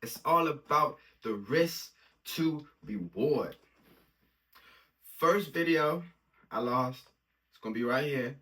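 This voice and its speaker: A man's voice: a little high, pushed and bright. Hyped slang-talking man explaining trades. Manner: hyped slang-heavy hustle talk, explains trades step by step. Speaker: forex trading vlogger. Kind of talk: casual screen-recorded trading vlog.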